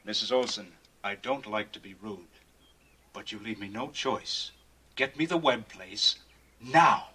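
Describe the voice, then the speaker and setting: An actor playing a calm, firm country doctor in a 1970s TV drama, speaking in a measured, insistent way. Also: male voice, on the low side, husky, exaggerated voice. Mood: stern. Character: calm, firm small-town male doctor.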